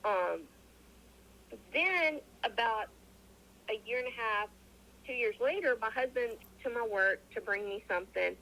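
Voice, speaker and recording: On a low-quality recording, a woman being interviewed tells a personal story casually, her voice slightly high and a little slow with frequent pauses. She's animated, acting out the voices of people she quotes and restarting her sentences many times.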